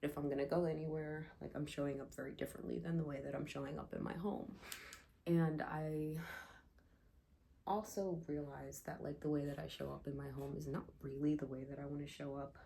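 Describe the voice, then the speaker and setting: A woman vlogging at home in a casual, rambling chat, her voice a little raspy. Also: sits low, flat delivery, brisk, warm tone, slight background noise. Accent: New York. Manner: chatty, rambling, many "like"s.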